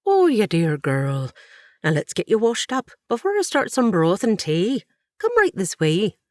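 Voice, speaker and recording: A woman's voice: medium pitch, wildly swooping pitch, measured pace, dry recording, clean studio sound, voice pushed up. Woman playing a bustling, kindly aunt. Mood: fond. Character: warm motherly older aunt, bustling and kind.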